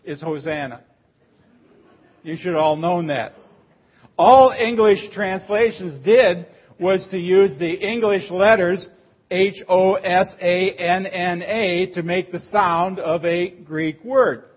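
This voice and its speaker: A man's voice: high-pitched, takes it slowly, husky, lo-fi sound. A man preaching a sermon as pastor, explaining a word like a teacher and rising to emphatic cries on the phrases he quotes.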